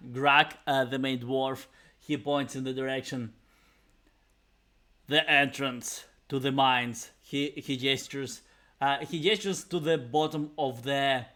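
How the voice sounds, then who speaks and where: A male game master narrates a tabletop scene, rambling through his descriptions. His voice sits at an ordinary middle pitch for a man. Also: fairly bright tone. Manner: rambling, full of fillers and restarts.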